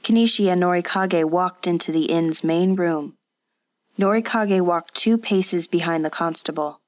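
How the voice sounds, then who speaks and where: Woman narrator, audiobook, lowish voice, dry close sound, unhurried. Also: dry recording. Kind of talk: scripted narration.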